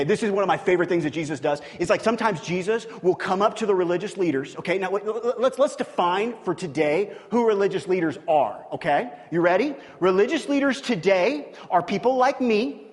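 Animated high-voiced male pastor preaching. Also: in a large hall. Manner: animated storytelling, swinging from hushed to loud. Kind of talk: sermon.

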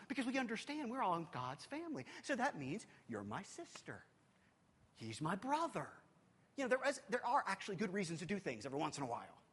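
A man preaching in a church hall with a high, lively voice that leaps up and down. His delivery is animated and urgent, then sinks to a hush, and long reverb hangs behind every phrase. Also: breathy edge. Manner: animated preaching, swinging from loud urgency to hushed intimacy. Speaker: youth pastor. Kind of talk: sermon.

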